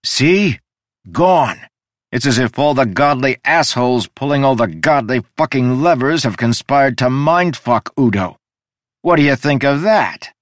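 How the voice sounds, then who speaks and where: A man voicing a volatile, foul-mouthed male digger who shouts and curses in a rage. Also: low voice, sing-song, slow, slightly rough, no room sound, studio quality, heavily acted. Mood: raging. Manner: shouting, cursing, raging.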